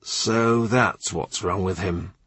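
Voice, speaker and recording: A male audiobook reader voicing a calm, shrewd older statesman who speaks quietly and in a measured, dryly amused way. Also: sits low, slightly rough, no room sound, heavily acted.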